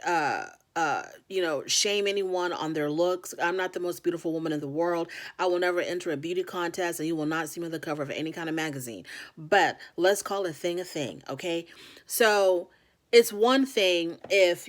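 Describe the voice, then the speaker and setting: A woman hosting a casual reality TV recap, talking frankly and filling her speech with "like" and "you know.". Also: fairly low pitch. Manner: chatty, frank, heavy on fillers like "you know".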